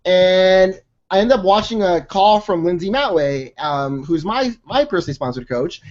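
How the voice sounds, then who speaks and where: Guy coach telling his story on a team call, chatty and energetic, lots of "like", dull lo-fi call audio. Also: sits high, normal speed. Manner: energetic, chatty storytelling with many "like"s and mild slang. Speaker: guest speaker and fitness coach. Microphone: conference call line.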